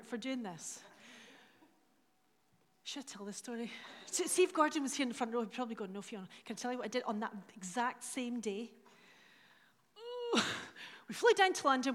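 Scottish woman, middle-aged, church stage talk, self-mocking storyteller, high voice, reverberant live hall. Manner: chatty, self-mocking storyteller, acting out dialogue. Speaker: church leader speaking from stage. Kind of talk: anecdotal sermon talk.

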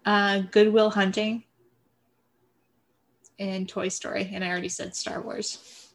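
A young woman co-host in casual chat, going briskly through a list and teasing her partner. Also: mid-range voice, flat delivery, creaky. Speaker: podcast co-host.

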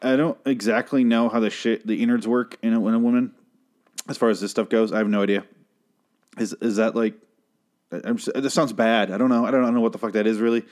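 A man's voice: mid-range voice, steady tone, fast talker, a little mellow. A man hosting a casual solo TV review, rambling, sarcastic and full of swearing. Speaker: show review host.

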